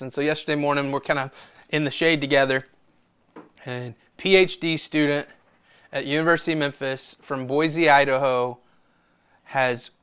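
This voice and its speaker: A man's voice: on the high side, clear, resonant tone. Pastor guy preaching, voice jumps from big declarations down to near whispers. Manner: dynamic preaching, swinging from loud declarations to hushed asides. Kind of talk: sermon.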